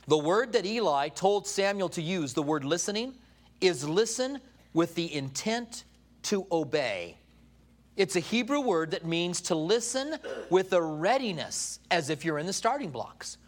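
A man preaching a sermon from a study, animated, retelling stories and acting out the voices. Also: sits high, moderate pace. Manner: animated storytelling, acts out quoted voices.

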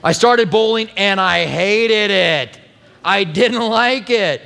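A male pastor preaching a sermon, telling a personal story with lively, acted-out quotes. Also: high-pitched, takes it slowly, gravelly, long reverb tail. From New Mexico.

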